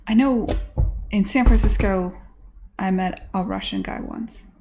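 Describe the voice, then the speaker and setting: A woman's voice: medium pitch, a little slow, noisy background. A woman streamer chatting casually, rambling along with lots of "like" and restarts. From United States. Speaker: game dev streamer. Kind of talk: casual chat.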